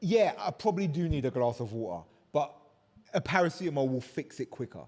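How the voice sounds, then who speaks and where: A man's voice: fairly high pitch, sing-song, brisk, a little mellow. A man co-hosting a comedy podcast in casual chat, blunt and heavy on swearing, telling stories with lots of animation. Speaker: podcast co-host. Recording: long hall reverb.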